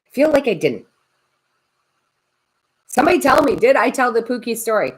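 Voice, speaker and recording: A woman tarot reader and medium chatting on a live stream, animated and laughing often as she tells stories to her viewers. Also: a little high, moderate pace, slightly rough, rough recording. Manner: chatty, animated, laughs a lot while talking.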